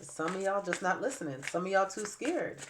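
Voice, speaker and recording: A woman giving a spiritual tarot reading to camera with a stuffy nose and raspy throat, repeating phrases emphatically like preaching. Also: mid-range voice, lively intonation, normal speed, noisy background. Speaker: tarot reader.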